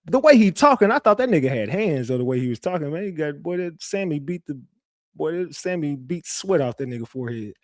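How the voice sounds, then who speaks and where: A man's voice: fairly high pitch, lively intonation, brisk, dry recording, clean studio sound. A man hosting a livestream, talking in a brash, profane, boastful way while reading and answering comments. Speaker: online show host.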